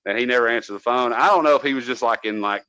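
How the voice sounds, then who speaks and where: A man from North Georgia, a podcast co-host telling a casual, profane story from his days as a cable tech, loudly acting out what people said. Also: medium pitch, racing, clear, resonant tone, no echo, rough recording. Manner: profane, animated, acts out quotes loudly.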